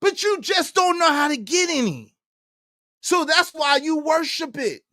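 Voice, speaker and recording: A man hosting a livestream, ranting in a heated, animated way and repeating his points. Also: very high-pitched, unhurried, no room sound, studio quality. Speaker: livestream host.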